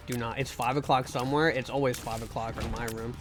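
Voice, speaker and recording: A man's voice: medium pitch, fairly even intonation, fast talker, few pauses, soft background music. A man streaming live, chatting casually and rambling with jokes while playing a game. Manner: rambling and joking, with restarts and mock pleas. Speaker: streamer and VTuber. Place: home room.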